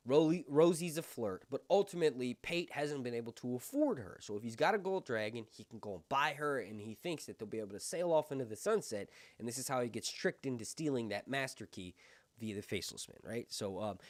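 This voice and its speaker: A male review-channel host speaking in an excited fan-commentary style. His pitch swings widely as he talks. The sound is close and dry, with no room around it. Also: no echo. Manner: enthusiastic, quick to exclaim. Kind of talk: excited fan commentary with read-aloud passages.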